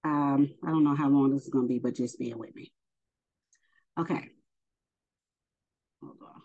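A woman giving a casual spoken religious lesson, unhurried and hesitant with many fillers. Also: rumbling low, fairly even intonation, mellow. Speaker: faith teacher. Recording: dull lo-fi recording.

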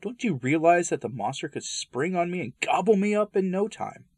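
A man voicing a frightened young priest who refuses in alarmed, high-pitched protests while reading a story aloud. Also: very animated, normal speed, breathy edge, no echo, clean studio sound. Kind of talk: read-aloud dialogue.

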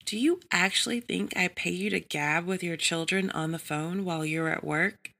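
A woman's voice: fairly low pitch, moderate pace, vocal fry, pushed and bright. A woman voicing an arrogant, bullying male office boss who snaps and sneers at his staff. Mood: scolding. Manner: snapping, sneering.

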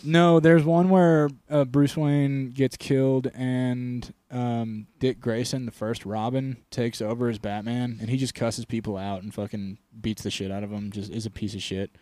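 A man co-hosting a casual comedy podcast, joking crudely and slipping into gruff low voices for the bits. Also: fairly even intonation, unhurried, hardly any pauses, warm tone, no room sound. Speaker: podcast co-host.

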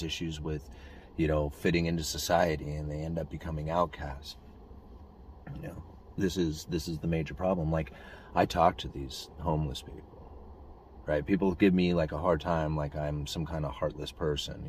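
A man's voice: extremely low pitch, darkish tone, slight background noise. A man hosting a podcast, talking through his thoughts in a rambling, reflective monologue full of restarts and "you know.". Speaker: podcast host. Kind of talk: casual monologue.

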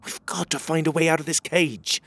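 A man voicing a resourceful young male storybook hero who talks briskly and with curiosity. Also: fairly high pitch, fairly even intonation, fairly bright tone, no room sound, voice pushed up. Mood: determined.

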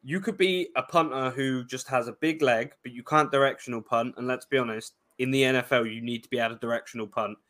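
A man's voice: medium pitch, a bit bright. A man co-hosting a casual sports talk show, swearing freely and ranting with fired-up energy. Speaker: podcast co-host.

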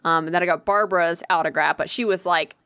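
A young woman casually telling an excitable, profanity-laced story, acting out the voices of the people in it. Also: on the low side, fast, smooth, dry recording. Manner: excitable, swears freely, acts out quoted voices. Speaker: convention volunteer telling a story.

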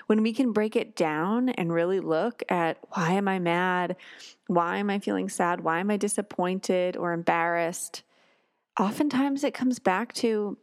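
Lower-pitched woman hosting a podcast. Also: a little slow, dry recording. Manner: warm storytelling, acts out quotes with sighs and exclamations. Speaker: podcast host. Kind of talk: casual solo podcast talk.

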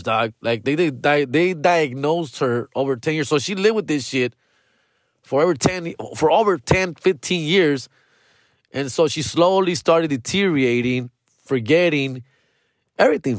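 A man rambling casually from his room at an ordinary pitch, his speech slangy and full of swearing. He keeps throwing in "dog" and "fool" and slips into Spanish now and then. The sound is dry and close, with no room echo. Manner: slangy, profane, peppers talk with "dog" and "fool"; switches into Spanish mid-sentence. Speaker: vlogger. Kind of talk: casual personal monologue.

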